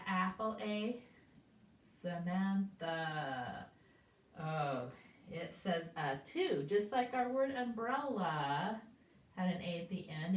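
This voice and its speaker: An older woman gives a slow, unhurried preschool phonics lesson, carefully stretching out each sound and checking in with gentle questions. Her voice sits in a middle range and comes from some distance away from the camera. The recording has a roomy echo around it. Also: mid-range voice. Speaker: preschool teacher. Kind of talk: slow, clear phonics lesson for small children. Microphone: camera set up at a distance.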